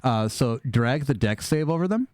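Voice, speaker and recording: A man's voice: mid-range voice, lively intonation, normal speed, a little mellow, dry recording, clean studio sound. A man running a tabletop game as game master, narrating playfully with laughter and swearing.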